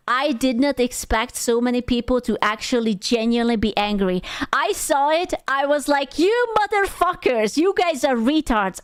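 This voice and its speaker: High-voiced woman ranting on stream. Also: smooth, dry recording. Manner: rambling, profane, exasperated. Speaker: VTuber streamer. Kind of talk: casual reaction commentary.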